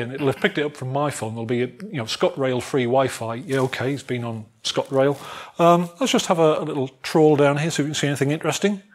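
A man lecturing a student society on wifi security in a jovial, animated way, acting out phones calling for networks. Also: a little high. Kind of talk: technical talk to a student society.

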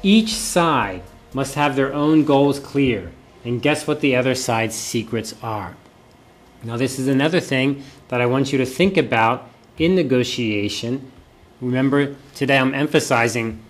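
A man's voice: mid-range voice, unhurried. A male professor giving a classroom lecture, often repeating key points and asking rhetorical questions.

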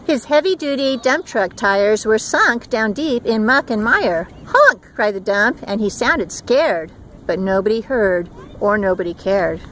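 A woman reading a picture book aloud in turns, steady and gentle, outdoors at a beach. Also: medium pitch, a little slow. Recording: faint outdoor background noise.

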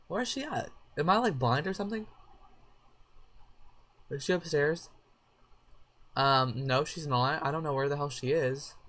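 A woman chatting through a life-sim game with a sore throat and a headache, excitable and swearing freely at her characters. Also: low voice. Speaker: let's play gamer. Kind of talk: casual gameplay commentary.

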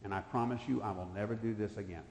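A man's voice: lowish voice, fairly even intonation, quick pace, a little mellow, slight background noise. A man in his fifties preaching a sermon in a church, telling a personal story in folksy speech that swells into emphatic bursts. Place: church sanctuary. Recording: echoey church hall.

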